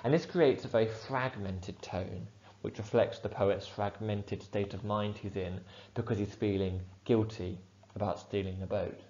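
Man, lowish voice, patient explaining teacher, muffled lo-fi recording. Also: steady tone, dark tone. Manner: clear, measured explanation with fillers. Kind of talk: poetry analysis lesson. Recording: dull lo-fi sound.

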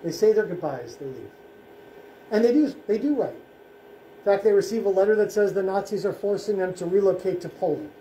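A man, a rabbi, giving a solemn presentation at a school in short, measured phrases. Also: high voice, expressive, mellow, a little hiss or hum. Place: school room. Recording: echoey room, faint ambience.

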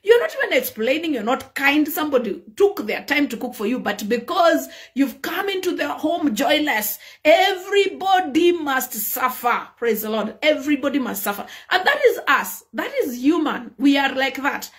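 A Kenyan woman preaching with high, bright energy. She preaches in an animated way and slips into the voices of the people in her stories. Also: normal speed, few pauses. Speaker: pastor. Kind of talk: sermon.

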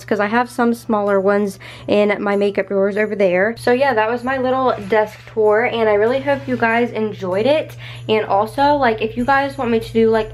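A young woman vlogging at home in her bedroom, chatty and gushing, with lots of "like" in her speech. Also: on the high side. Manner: gushing and excitable, heavy use of "like". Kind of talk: casual vlog chat.

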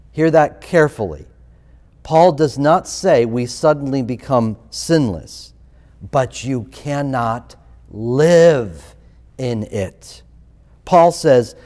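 Pastor, male, unhurried and emphatic sermon delivery with animated pitch swings, recorded in a reverberant sanctuary. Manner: emphatic, repeats rhetorical questions. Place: church sanctuary. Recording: long reverb of a church hall.

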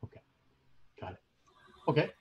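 A man narrating as game master of a tabletop game, with hesitant pauses and many fillers. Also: dull audio. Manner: hesitant, many ums and likes.

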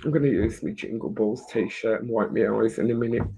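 A woman's voice: very deep voice, a little fast, gravelly, dark tone. Chatty English woman hosting a live stream. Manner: chatty, emotional, swears lightly. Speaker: host. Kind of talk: casual live-stream chat.

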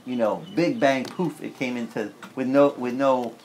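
A man preaching a sermon as pastor in a church, talking in a candid, conversational way and breaking into lively acted-out prayers. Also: medium pitch, moderate pace, a little hiss or hum.

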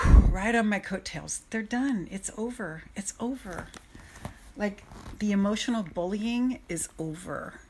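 A woman working as an emotional freedom coach, speaking in an excited, laughing live-stream monologue. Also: medium pitch, a little hiss or hum. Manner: bubbly, laughing, breathless enthusiasm.

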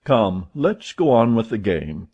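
An excitable gentleman card player, as a male reader puts him on, pushing his words with rising annoyance in a husky voice. The recording is dull and lo-fi. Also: fairly low pitch, slow, full character voice. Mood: agitated.

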